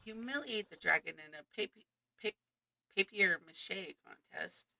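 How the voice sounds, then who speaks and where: A woman's voice: mid-range voice, sing-song, moderate pace, gravelly, pushed and bright, poor audio. A young woman streaming a game, chatting with viewers and reading the game text aloud in an effusive way. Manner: chatty, greets chat, effusive.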